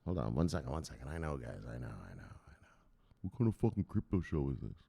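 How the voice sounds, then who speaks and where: A man's voice: rumbling low, fast talker, vocal fry, slightly rough. A man hosting a crypto news livestream, chatting casually, joking, swearing and greeting viewers by name. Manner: animated, profane, joking, greets chat by name.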